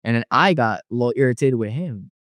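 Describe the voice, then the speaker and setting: A young man recounting his personal testimony earnestly, rambling and restarting as he goes. His voice sits at a middle pitch. It is recorded close and dry, with no room sound. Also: lively intonation, fast, a bit bright, dry recording. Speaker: guest telling his testimony.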